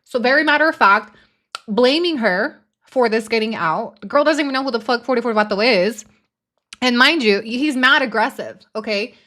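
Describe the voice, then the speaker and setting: A woman's voice: on the high side, moderate pace, pushed and bright. Blunt, emphatic woman host commenting. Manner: blunt, emphatic, casual swearing. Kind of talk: commentary on a recorded call.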